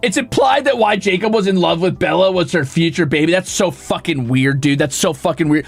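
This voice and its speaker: A man's voice: high voice, animated, brisk, creaky, few pauses, husky, faint music behind. A man streaming, ranting in an exasperated, profane and sarcastic way.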